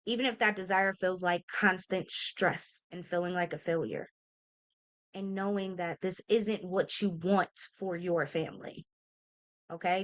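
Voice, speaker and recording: A woman's voice: medium pitch, pushed and bright. A woman in her thirties giving an earnest, heartfelt motivational talk to camera, often checking in with her listeners and talking in a casual, emphatic way. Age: 30s. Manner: earnest, emphatic, addresses listeners directly with "y'all" and "okay?"; casual speech with slang and fillers. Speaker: motivational vlogger.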